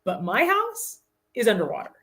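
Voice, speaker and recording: Lively woman telling a comic story. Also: a little high. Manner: animated, laughing often, quick asides. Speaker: podcast guest. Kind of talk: comic storytelling in casual chat.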